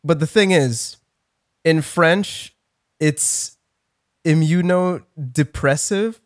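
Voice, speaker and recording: A young man with a slightly high voice tells a story on a comedy podcast. He rambles, restarts his sentences, swears and laughs at himself, all in a loose, casual tone. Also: very slow, no room sound, clean studio sound. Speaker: podcast co-host.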